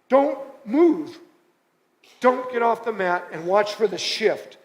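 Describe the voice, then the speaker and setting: Slow-paced but animated, a high-pitched male pastor delivers a sermon in a church auditorium. He talks conversationally, repeating short phrases to drive each point home, with the hall's long reverb audible.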